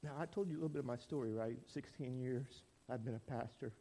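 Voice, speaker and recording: Speaking fast in a mid-range voice, a pastor in his forties animates a storytelling sermon in church, performing the quotes he recounts. Slight background noise is audible.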